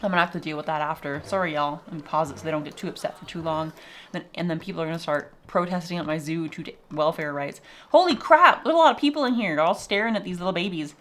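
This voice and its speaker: A woman's voice: sits low, steady tone, fast, a bit bright. A young woman casually chatting and swearing as she shows off her zoo game, laughing often. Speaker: vlogger showing a zoo game. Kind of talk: casual gameplay chat.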